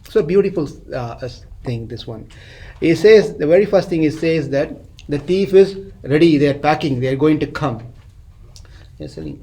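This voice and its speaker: A man's voice: medium pitch, dark tone. A man, teaching a scripture class. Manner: chants verses slowly, then explains in storytelling tone.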